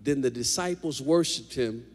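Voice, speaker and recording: A man's voice: medium pitch, moderate pace. Preaching man in a reverberant church. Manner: animated preaching, jokes with the congregation. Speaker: pastor. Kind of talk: sermon. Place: large church hall. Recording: long hall reverb.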